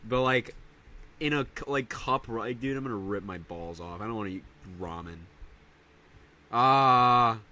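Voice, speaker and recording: A young man streaming casually, rambling in slang and breaking into loud high yells. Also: fairly even intonation, a little fast, a little hiss or hum. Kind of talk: casual live-stream chat.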